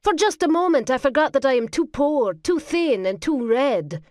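A woman voicing a proud young Highland mother with a lilt in an audiobook, speaking in a wry, bitter, sharp way. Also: lively intonation, normal speed, dry recording, clean studio sound. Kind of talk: audiobook character voice.

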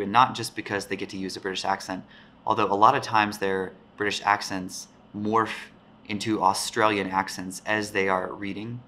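A male teacher giving a casual, rambling talk about a play, thoughtful and pausing often. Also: deep voice, pushed and bright, a little hiss or hum. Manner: thoughtful, rambling, with frequent pauses.

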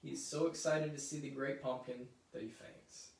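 A man reading a children's picture book aloud, with lively, chatty asides between passages. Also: mid-range voice, normal speed, gravelly. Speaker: story reader. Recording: roomy echo, mic at a distance.

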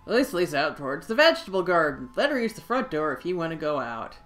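A woman giving casual let's play commentary while playing a video game, chatty and quick to exclaim. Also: sits low, very animated, a bit bright, faint music behind.

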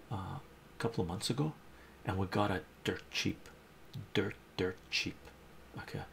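A man's voice: sits low, gravelly, slight background noise. A man hosting a live stream, chatting casually and enthusiastically about comic books and reading out chat messages.

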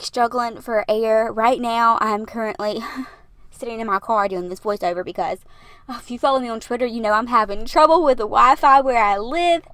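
Sitting in her parked car, a YouTuber narrates a build video in a chatty, rambling voiceover, laughing often and a little short of breath. Her slightly high voice comes across a bit bright, recorded dry and close with no room around it.

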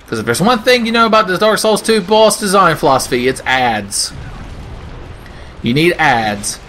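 A man's voice: high-pitched, sing-song, normal speed, fairly bright tone, slight background noise. A man doing sarcastic, profane comedic commentary over gameplay, ranting and putting on silly voices. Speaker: gaming video host.

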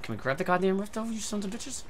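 A man's voice: high voice, animated, fast. A man hosting a gaming channel, giving casual gameplay commentary full of swearing and irritable rants.

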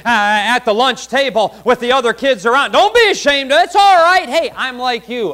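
A preacher with a high, bright, ringing voice. He drives his points hard, then suddenly drops to a hush for asides before climbing again. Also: rough recording. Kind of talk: sermon.

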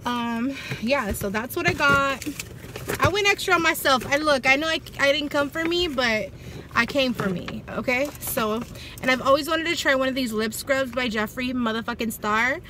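A woman's voice: high-pitched, normal speed. A young woman, chatting casually and bluntly through a shopping haul vlog with heavy swearing. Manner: profane, blunt and loose. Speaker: vlogger. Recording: faint background noise.

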